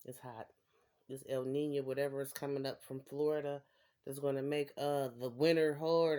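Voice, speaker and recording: A woman's voice: rumbling low, steady tone, normal speed, mellow, slight background noise. A woman giving a casual tarot reading to her viewers, rambling and repeating phrases for emphasis. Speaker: tarot reader.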